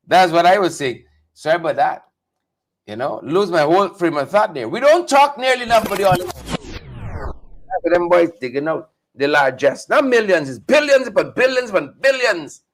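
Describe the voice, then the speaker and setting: A man hosting a live political talk stream, greeting viewers by name and repeating phrases for emphasis. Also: high voice. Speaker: host of a live political show. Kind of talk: casual live-stream commentary.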